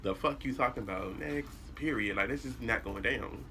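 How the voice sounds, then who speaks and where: A young adult man tells a personal story straight to his viewers. His voice is very bright and sharp, and he talks in a blunt, animated way with plenty of cursing. A faint hum sits in the background. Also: mid-range voice, normal speed. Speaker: vlogger. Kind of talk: casual storytime monologue.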